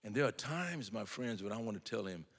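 A man's voice: on the low side, animated, a little fast, creaky, fairly bright tone, long reverb tail. An older man telling folksy, humorous family stories in a sermon, acting out the dialogue. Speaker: preacher. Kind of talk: storytelling sermon.

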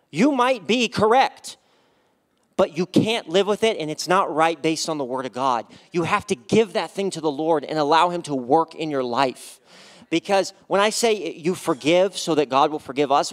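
Passionate man giving a church testimony. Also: fairly high pitch. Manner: passionate, raising voice to urge the listeners. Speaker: guest speaker sharing testimony. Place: church service before a congregation.

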